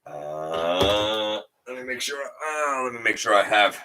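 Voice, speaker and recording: A man with a low voice that has a bright, forceful edge hosts a relaxed livestream from his home setup. He rambles a little, greets viewers by name and reads their chat comments back to them. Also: takes it slowly. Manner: rambling with fillers and restarts. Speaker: livestream host.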